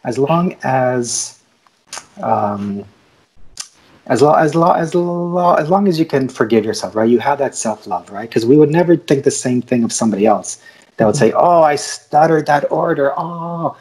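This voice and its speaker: Husky man who stutters, laughing often. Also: medium pitch, expressive, moderate pace, a little mellow, poor audio. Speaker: guest cartoonist and podcaster. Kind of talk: casual video-call interview.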